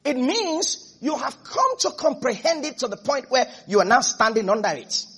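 A man's voice: very high voice, sing-song, normal speed, sharp tone, breathy edge. A man preaching a sermon as pastor, emphatic, repeating phrases and asking the congregation if they are listening.

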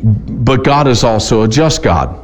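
A man preaching a sermon, reading scripture aloud slowly and then explaining it in plain, conversational talk with some restarts. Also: mid-range voice, lively intonation.

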